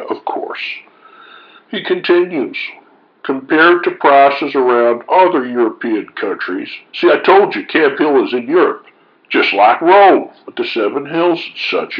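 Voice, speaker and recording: A man with a lively, swooping delivery reads forum posts aloud and interrupts them with folksy, mock-indignant asides. The recording sounds a little dull and lo-fi. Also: mid-range voice. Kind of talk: reading posts with sarcastic commentary.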